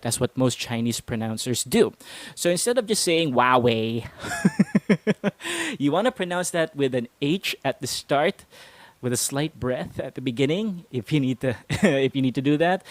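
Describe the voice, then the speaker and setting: A man who teaches English pronunciation runs a relaxed lesson, drilling his listeners in a playful way and chuckling frequently. He speaks in a mid-range voice with no echo.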